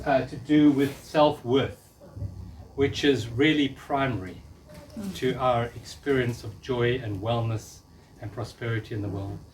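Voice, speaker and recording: A medium-pitched male voice, far from the mic and with slight background noise, belongs to a workshop speaker in his fifties. He's giving a live spiritual talk, leading the audience earnestly and coaxingly in repeating affirmations after him.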